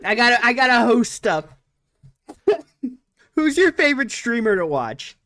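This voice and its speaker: A woman's voice: a little high, very animated, a little slow, fairly bright tone. A woman hosting a casual live stream chat, laughing often between questions. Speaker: stream host.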